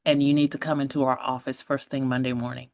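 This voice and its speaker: With an extremely low pitch and a fast delivery, a woman in her forties relates her story as a podcast guest. She's lively, laughs often, and acts out the voices of people she quotes, recorded in studio quality with no room sound.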